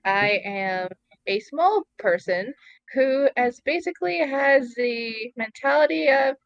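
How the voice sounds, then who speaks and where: A woman introducing her tabletop character in a cheerful, slightly halting way. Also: a little high, expressive, fairly bright tone, dry recording, dull audio. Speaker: player.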